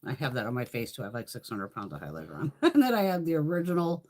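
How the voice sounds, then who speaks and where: A woman's voice: extremely low pitch, expressive, fast talker, darkish tone. A woman in her fifties chatting casually on a makeup livestream, telling blunt, profane stories with frequent laughter and answering viewer comments.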